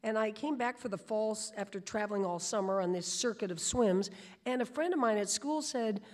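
A woman tells a story as a guest. Her delivery is animated, and she often restarts her sentences. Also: medium pitch, a little fast. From New York. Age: 60s.

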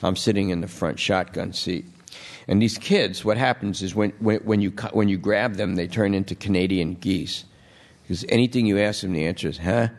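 A low, gravelly male voice spinning a story on stage at a public talk. He rambles through fillers and restarts and slips into other people's voices as he tells it. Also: steady tone, moderate pace. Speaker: novelist and TV writer, event guest. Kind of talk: storytelling anecdote in a live talk. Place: stage at a public event before an audience.

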